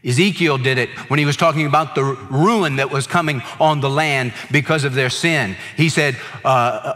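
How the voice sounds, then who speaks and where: A man's voice: mid-range voice, moderate pace, hardly any pauses, pushed and bright, in a large hall. A male pastor preaching a sermon, stressing points through emphatic repetition.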